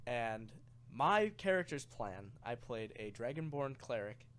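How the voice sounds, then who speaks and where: A man's voice: medium pitch, unhurried. A young man casually telling a rambling tabletop game story on a podcast, getting worked up and swearing as it goes. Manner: rambling, animated, swears when excited.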